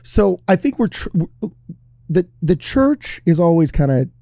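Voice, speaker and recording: A man's voice: fairly high pitch, big pitch swings, measured pace, gravelly, dark tone, no echo, studio quality. A man co-hosting a casual podcast chat, arguing his point and acting out quotes. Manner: argumentative, acts out quotes. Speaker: podcast co-host.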